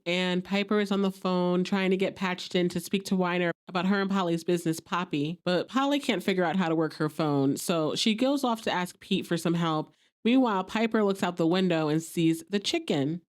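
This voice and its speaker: A woman's voice: mid-range voice, moderate pace. A young woman hosting a podcast, casually recapping a TV episode, chatty and sympathetic, sometimes acting out the characters' lines. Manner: chatty, reacts with sympathy and disbelief, briefly acts out quoted lines.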